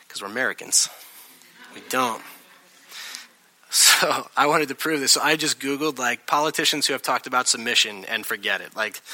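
A man preaching a sermon as pastor of his church, telling stories animatedly and acting out the people in them. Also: medium pitch. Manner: animated storytelling, acting out voices.

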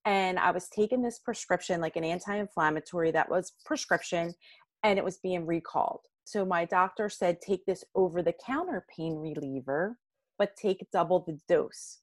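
Animated woman telling a personal story. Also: fairly low pitch, no echo. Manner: animated, acts out quoted lines. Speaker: guest.

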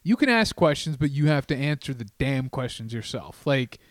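Opinionated comedian in a dry close recording. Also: male voice, mid-range voice, big pitch swings, normal speed, dry recording. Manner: opinionated, explains points at length. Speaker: podcast co-host and comedian. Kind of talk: casual chat.

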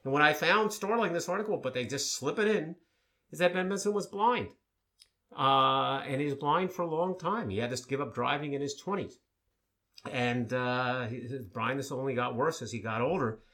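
A man co-hosting a casual talk show, telling stories in a relaxed way with many fillers. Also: medium pitch, normal speed. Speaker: co-host. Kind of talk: casual conversational chat.

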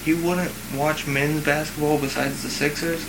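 A man's voice: fairly high pitch, little pitch movement, moderate pace. A man co-hosting a casual podcast, rambling through stories with lots of swearing and the odd cough. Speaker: podcast co-host. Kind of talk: casual chat. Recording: loud background noise.

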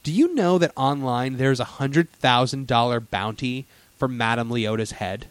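An excitable man rambles through his theme-park stories, stumbling over restarts and fillers as he goes. His voice sits in a middle range and sounds close and dry, with no room around it. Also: mid-range voice, normal speed, smooth, no room sound. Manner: enthusiastic storyteller, lots of fillers and restarts. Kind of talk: casual theme-park chat.

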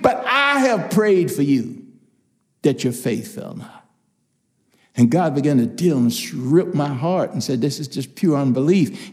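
Older guy preaching, high voice, animated storytelling, acts out what people said. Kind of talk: testimony sermon.

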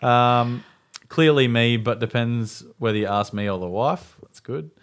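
A man's voice: mid-range voice, a little slow. A man co-hosting a dads' podcast, casually reading out listener replies with a dry, laughing manner. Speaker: podcast co-host.

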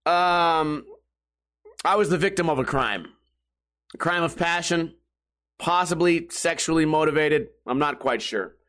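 A man hosting a podcast, telling rambling, profane stories in a casual, comedic monologue with jumpy, animated delivery. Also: on the high side. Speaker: podcast host.

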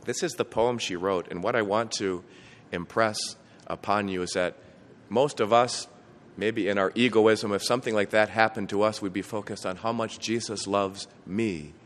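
A man's voice: lowish voice, fairly even intonation, moderate pace. A man, a bishop, preaching a homily, telling a family story in an earnest way with small restarts. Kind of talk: sermon. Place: church. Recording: long reverb from a church, faint noise.

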